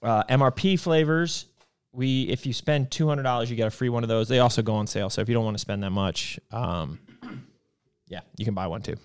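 A man with a mid-pitched voice runs through upcoming product launches in a loose, casual way. He talks with joking asides and quick interruptions, like a regular host chatting with a co-worker. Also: clear, resonant tone.

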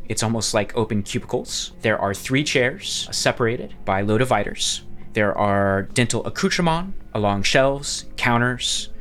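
Male game master, animated narration, restarts often. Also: mid-range voice, unhurried. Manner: descriptive, with frequent restarts.

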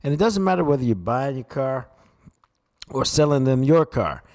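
A man co-hosting sports talk, breaking down football and chatting about sponsors in a steady, conversational way. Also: mid-range voice, moderate pace. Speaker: sports radio co-host. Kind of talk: casual football analysis.

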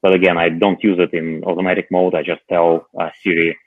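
A man's voice: low voice, level tone, fairly quick, no room sound. A man chatting casually about tech gadgets as a podcast co-host, hesitant and full of filler sounds, heard over a remote call. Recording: muffled phone-like line.

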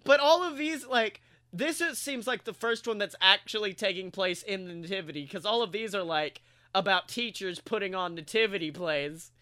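High, bright-voiced man joking around. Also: normal speed. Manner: animated, swearing, laughing through jokes. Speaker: podcast co-host. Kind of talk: casual comedic banter.

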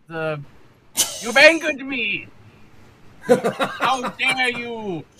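A drunk, pompous pirate captain shouts grand threats in a raised, bright, ringing voice, as a man puts him on. He blusters and boasts. There is a faint hiss behind him. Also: sits high, voice pushed up, heavily acted, poor audio.

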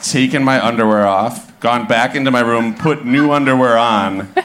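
A man in his thirties from Minnesota tells an animated comic story live on stage, laughing and acting out the quotes. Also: medium pitch, moderate pace. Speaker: guest storyteller. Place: club stage before a live audience.

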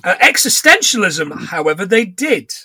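A middle-aged man co-hosting a podcast, chatting casually about a film, laughing often and retelling scenes in rough put-on voices. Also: high-pitched, big pitch swings, normal speed, sharp tone, no echo. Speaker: podcast co-host. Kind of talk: casual chat recapping a film.

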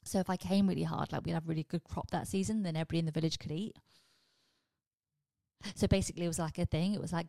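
A woman hosting a comedy podcast, telling a rambling, animated story and swearing freely. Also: fairly low pitch, fast, vocal fry, dry recording. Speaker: podcast host. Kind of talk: comedic monologue.

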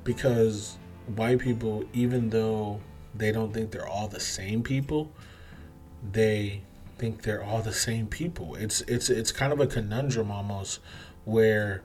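Male podcast host, lowish voice, casual but emphatic commentary style. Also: unhurried, darkish tone, soft background music. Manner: emphatic, conversational, acts out other people's replies.

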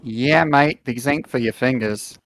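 A man's voice: mid-range voice, measured pace, fairly bright tone, close to an everyday voice. A man doing a sly Australian koala shopkeeper. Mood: chummy. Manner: slangy, sly salesman, calls everyone mate. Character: laid-back male koala shopkeeper of a smut shop.

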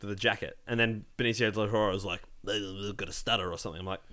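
A man chatting casually about films, swearing freely and acting out his own excited reactions. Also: lowish voice, fast, hardly any pauses. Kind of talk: casual chat.

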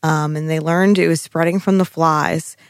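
A woman co-hosting a podcast episode recap in casual chat, giggly and animated as she retells scenes. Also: deep voice, moderate pace, dry recording, studio quality. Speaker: podcast co-host.

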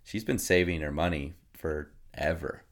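A man in his thirties, a podcast guest, telling family stories in a casual, animated way and acting out his kids' voices. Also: rumbling low, a little slow. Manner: animated storyteller who acts out his kids. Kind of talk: casual storytelling.

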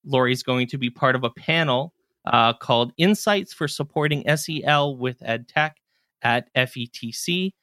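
A man hosting a podcast, talking casually and relaxed, often trailing off and restarting his sentences. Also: medium pitch, normal speed, no room sound, studio quality. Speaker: podcast host.

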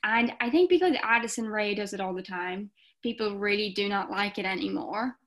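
A woman's voice: mid-range voice, brisk, a bit bright. A young Irish woman guesting on a podcast, chatting casually with lots of fillers and acting out quotes. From Ireland. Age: young adult. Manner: chatty, many fillers, acts out comments in quoted voices. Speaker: guest content creator.

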